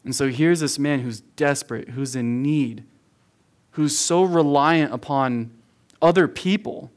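This youth pastor speaks in a mid-range voice, moving a little slowly through his verse-by-verse sermon. Before a youth audience, he stays earnest and emphatic, calls them "guys," and repeats phrases for weight.

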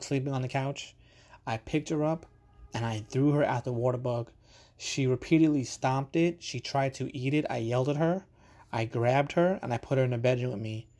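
Podcast host, man, middle-pitched voice, animated and profane, casual storytelling. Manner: animated, profane, repeats himself for emphasis.

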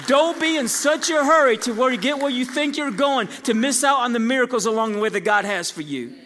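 A man preaching a sermon in a higher-pitched voice, moving between storytelling and loud emphatic peaks. His voice carries a long reverb from a church sanctuary. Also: animated, brisk. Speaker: pastor.

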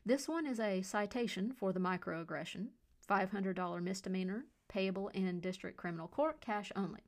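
A man's voice: high-pitched, creaky. A woman doing a smug, glib male cop. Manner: glib, bureaucratic, mockingly polite. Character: smug chuckling male police officer.

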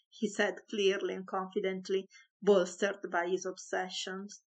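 A woman reading a comic story aloud, with an expressive, playful delivery. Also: mid-range voice, unhurried, low-quality recording. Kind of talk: storybook narration.

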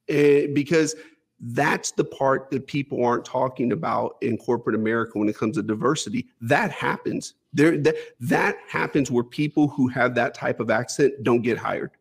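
A man's voice: mid-range voice, normal speed, creaky, slightly rough. A man leading a discussion, telling workplace stories in an emphatic, conversational way and repeating words to stress his points. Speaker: company leader sharing stories. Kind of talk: conversational storytelling.

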